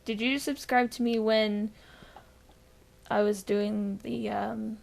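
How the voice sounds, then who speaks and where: A woman co-hosting a casual podcast chat, tired and deadpan after being sick, rambling with fillers. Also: medium pitch, slow, creaky. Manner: rambling with frequent fillers and laughs. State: recovering from illness. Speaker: podcast co-host.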